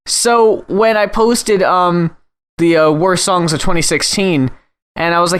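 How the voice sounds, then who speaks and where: A man's voice: high-pitched, unhurried, a bit bright, clean tone. A young man hosting a podcast in casual chat, blunt and profane, acting out other people's reactions as he tells stories. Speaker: podcast host.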